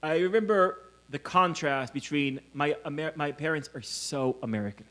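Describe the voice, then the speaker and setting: A man's voice: on the high side, normal speed, bright, forceful tone. A middle-aged man who grew up in Israel gives a conference lecture, telling stories about himself and laughing often. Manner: storytelling, self-mocking, laughs often. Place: conference hall.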